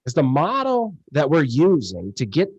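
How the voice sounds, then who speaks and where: A man talking casually as a podcast guest, telling animated stories and acting out the conversations he recounts. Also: fairly high pitch, normal speed, husky, no echo, highs cut off. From USA. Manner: animated storyteller, acts out quoted exchanges, laughs often. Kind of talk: casual interview chat.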